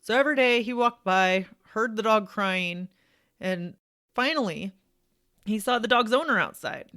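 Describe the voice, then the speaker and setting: A woman's voice: mid-range voice, expressive, a little slow, fairly bright tone. Emphatic motivational woman podcaster. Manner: encouraging, emphatic, colloquial. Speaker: podcast host.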